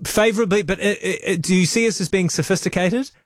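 A man's voice: high-pitched, no echo, studio quality. Chatty New man hosting morning radio. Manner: chatty, laughs easily, halting restarts. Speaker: radio host.

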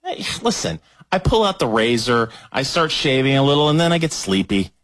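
A man's voice: medium pitch, brisk. A man co-hosting a podcast, delivering exaggerated comedic rants in casual chat. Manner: animated, exaggerated ranting. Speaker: podcast co-host.

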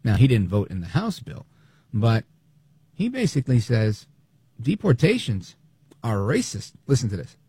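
A man's voice: mid-range voice, moderate pace, pauses often, slightly rough, no echo. A man hosting a talk radio show, delivering an opinionated monologue with sarcasm and mocking quotes. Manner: animated, sarcastic, mimics others in quotes.

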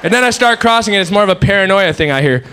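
A man's voice: high-pitched, lively intonation, very fast, pushed and bright, clean tone, faint music behind, some chatter behind. A man doing a rambling, self-mocking stand-up bit. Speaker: stand-up comedian. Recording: noisy live recording.

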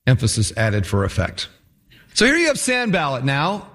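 A man preaching an expository sermon, telling the story in an animated way and asking his listeners questions. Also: mid-range voice, moderate pace. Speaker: pastor.

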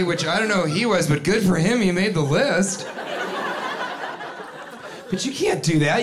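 Male stand-up comic, higher voice, animated and shouty, live club recording with audience noise. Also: moderate pace. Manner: animated storytelling, bursts into shouted bits. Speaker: stand-up comedian. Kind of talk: stand-up comedy set. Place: comedy club stage. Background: audience laughter.

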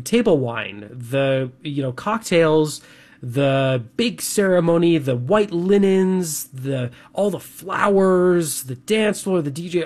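Chatty young man with lots of fillers. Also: a little high. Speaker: radio show co-host. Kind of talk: casual talk segment.

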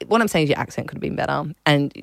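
A woman's voice: low-pitched, very fast, gravelly, no echo, clean studio sound. A woman co-hosting a radio show, reading silly news headlines in a mock-serious anchor voice and teasing her partner. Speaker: radio co-host. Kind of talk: playful news-reading skit. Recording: radio broadcast with music under.

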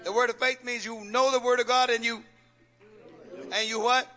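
A man's voice: extremely high pitch, level tone, normal speed, bright, forceful tone. A man preaching a sermon as pastor, calling out questions for the congregation to answer and repeating phrases with folksy jokes.

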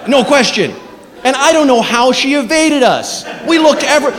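A man doing stand-up storytelling, animated, dropping to low mutters and then bursting into loud shouts. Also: normal speed, big-room sound. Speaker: stand-up comedian.

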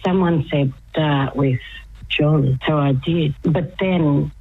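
Woman radio guest, low voice, husky, earnest, laughs often, tinny phone line. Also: slow pace. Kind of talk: casual radio chat by phone.

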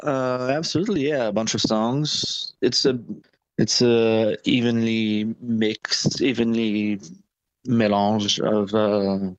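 A man's voice: lowish voice, steady tone, slow pace, no room sound, low-quality recording. A man answering interview questions about touring, talking casually with many fillers and restarts. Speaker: touring musician, interview guest.

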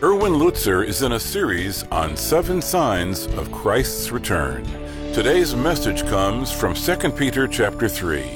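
A man's voice: mid-range voice, wildly swooping pitch, unhurried. A man announcing a radio program in a polished, scripted way. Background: guitar music.

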